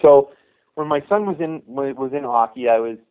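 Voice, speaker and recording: A man's voice: medium pitch, animated, moderate pace. Middle-aged man telling stories over a phone line. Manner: rambling anecdotes, acting out quoted dialogue. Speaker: youth hockey coach, guest. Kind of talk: casual storytelling interview.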